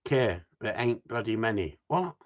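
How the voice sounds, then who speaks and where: A man's voice: fairly low pitch, sing-song, a little slow, dull audio. A middle-aged man answering viewers' questions about gundog training, blunt and rambling, swearing casually. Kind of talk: live stream Q&A chat.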